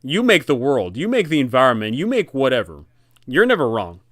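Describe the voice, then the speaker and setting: A man hosting a casual tabletop-game advice talk, animated and rambling, correcting himself often. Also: medium pitch, a little fast, no echo, clean studio sound. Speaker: dungeon master and channel host.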